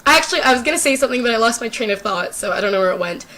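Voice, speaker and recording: Talking rapid-fire with lively intonation, this teenage girl has a voice on the high side and a sharp tone. As a YouTuber nursing a sore throat, she chats to the camera without a script, rambling, self-deprecating and full of fillers.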